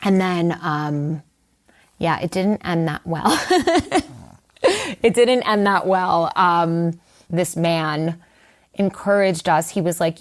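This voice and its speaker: A woman's voice: fairly low pitch, takes it slowly. A middle-aged woman, a writer, telling a personal story in an interview in a candid, conversational way with many fillers and asides. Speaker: guest writer.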